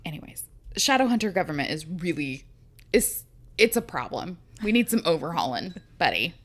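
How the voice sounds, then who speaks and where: A woman's voice: fairly low pitch, sing-song, moderate pace, long pauses. Woman, podcast co-host, casual and giggly, salty language. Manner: laughs often, swears casually. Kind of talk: casual chat.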